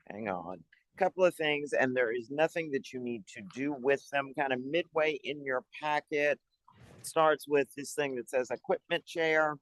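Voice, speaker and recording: A man on city economic development staff, giving an upbeat, chatty update to a public board meeting and pausing now and then to find his papers. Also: a little high, a bit bright, dry recording, low-quality recording.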